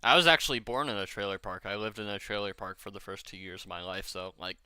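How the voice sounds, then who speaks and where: A man from Washington talks his way through a gaming stream in a loose, rambling, profane way, a little drunk. His lowish voice is very bright and crisp. The sound is dry and close. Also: fast, no room sound. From Washington state. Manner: rambling, profane, chatty with viewers. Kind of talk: casual stream chat.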